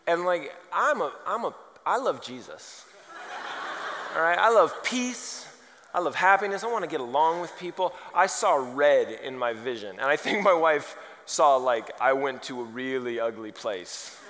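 A man preaching a sermon, telling funny stories and building to loud, emphatic points. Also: fairly high pitch, normal speed. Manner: animated, humorous, rising to loud emphasis. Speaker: pastor. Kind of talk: sermon with storytelling. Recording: reverberant large hall.

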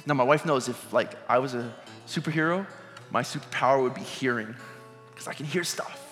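A man's voice: medium pitch, fairly quick, a bit bright. A middle-aged man preaching a sermon, telling a personal story in a conversational way and asking the audience questions. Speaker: pastor. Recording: reverberant hall with music.

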